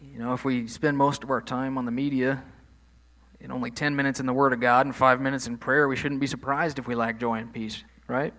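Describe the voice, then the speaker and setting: A man's voice: medium pitch, flat delivery, fairly quick, fairly bright tone. A man preaching a sermon in a conversational way, leaning hard on key phrases. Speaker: pastor.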